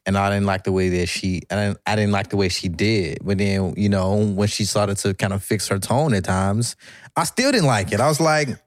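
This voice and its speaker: A man's voice: on the low side, normal speed, dry recording, studio quality. A man who co-hosts a podcast, reflecting in a casual conversation and laughing easily. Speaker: podcast co-host.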